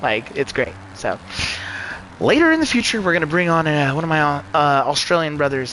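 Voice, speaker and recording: Brief: man live-streaming a racing game, slightly high voice, animated, profane chatter. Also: a little fast, slight background noise, low-quality recording. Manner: profane, excitable, rambling. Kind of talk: live gameplay commentary.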